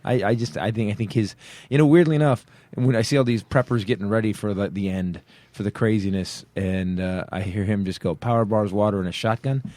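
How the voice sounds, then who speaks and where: A man's voice: fairly low pitch, brisk, few pauses, dry recording. A man hosting a comedy podcast, joking animatedly and slipping into mock voices. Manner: jokey, animated, often slips into mock voices and laughs. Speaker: podcast host.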